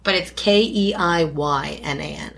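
A woman's voice: low-pitched, unhurried, creaky. A woman co-hosting a podcast in casual chat, jokey and self-deprecating. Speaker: podcast co-host.

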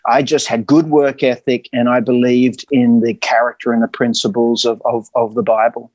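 A man with an Australian accent tells his story as a guest pastor. He talks in a middle register with a lively, joking energy, tumbling over repeated words when excited. The sound is close and dry, with no room around it. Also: medium pitch, normal speed, dry recording, muffled recording. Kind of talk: casual interview storytelling.

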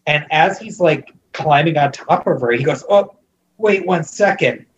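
A man's voice: a little high, moderate pace, dull audio, slight background noise. A man recapping a movie in casual chat, rambling with lots of fillers and restarts, amused and disbelieving. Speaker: podcast co-host recapping a movie.

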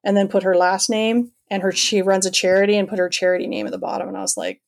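A woman's voice: medium pitch, little pitch movement, fast, vocal fry. A middle-aged woman from Canada, a guest telling a personal story in conversation, earnest and emotional, rambling with many fillers. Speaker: guest telling her adoption search story.

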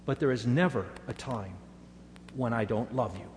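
A preacher playing a gentle mother who reassures her daughter in a tender voice. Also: medium pitch, normal speed, long reverb tail, slight background noise, voice pushed down, lightly acted. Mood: reassuring.

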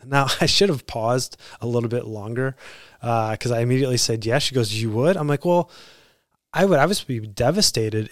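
A man's voice: medium pitch, dry recording. Earnest man musing on a podcast, dry sound. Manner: earnest, conversational, self-correcting. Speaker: podcast host. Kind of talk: reflective podcast monologue.

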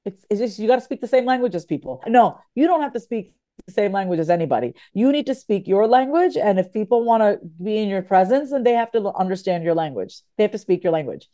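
A woman guest author talking in a podcast conversation, animated and emphatic, repeating phrases for emphasis. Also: mid-range voice, fast.

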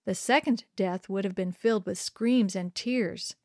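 A woman reading a first-person story aloud in an expressive, dramatic way, lifting her voice sharply for shouted lines. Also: mid-range voice, unhurried, dry recording, studio quality.

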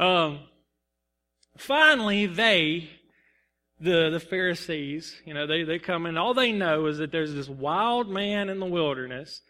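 A male pastor preaches in earnest, halting bursts, often restarting and reaching for words. His voice sits high and bright. It rings out in a church hall with a long, lingering reverb. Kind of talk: sermon. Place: church sanctuary.

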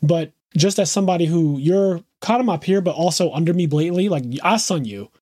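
A man's voice: a little high, expressive, brisk, mellow, no room sound, studio quality. A man co-hosting a podcast in casual chat, enthusiastic and explaining the plot in detail. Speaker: podcast co-host.

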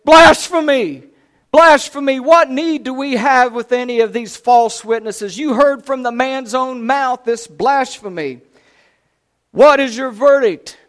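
A man playing an enraged high priest, shouting accusations in outrage. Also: moderate pace, hardly any pauses, close to an everyday voice. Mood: outraged.

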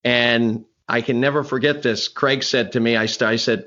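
A man's voice: medium pitch, fairly even intonation, normal speed, few pauses, bright, forceful tone, muffled recording. A middle-aged man, a golf instructor, telling rambling anecdotes in a podcast conversation, often restarting and acting out quotes. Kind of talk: conversational storytelling interview.

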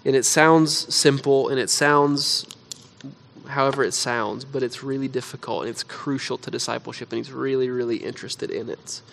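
A pastor delivers a sermon at a church service in a relaxed, chatty way, peppering his story with "like." His voice sits at an ordinary middle pitch for a man. He leans in quietly when he presses his main point. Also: moderate pace, gravelly, a little hiss or hum. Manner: conversational storytelling with frequent "like".

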